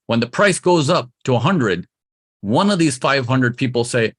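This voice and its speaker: A man's voice: mid-range voice, expressive, normal speed, slightly rough. A man teaching trading to a live audience, emphatic and repetitive, coaxing his listeners along. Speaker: trading instructor.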